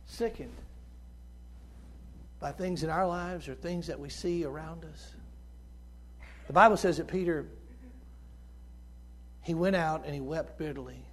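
A middle-aged man with a fairly high, squeaky tenor voice preaches a sermon. He is impassioned, pushing his voice loud and urgent and then dropping to near-hushed tones. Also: a little slow, long pauses, slight background noise. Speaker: visiting preacher.

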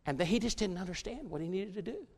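A man preaching a sermon to his church, folksy and direct with the congregation, often building to loud, fervent stretches. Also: high-pitched, expressive, fast. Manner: folksy, talks straight to the congregation, builds to shouts.

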